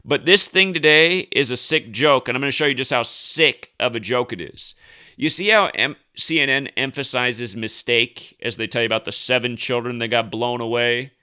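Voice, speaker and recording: Emphatic, ranting man with a bright voice. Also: medium pitch, normal speed, smooth. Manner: emphatic, indignant, rambling with restarts. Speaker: conspiracy news commentator. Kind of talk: casual ranting commentary.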